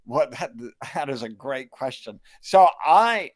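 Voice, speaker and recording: An older man, a New Testament scholar, answering interview questions in a measured, reflective way with frequent restarts. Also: mid-range voice, very animated. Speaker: New Testament scholar and Bible translator, guest.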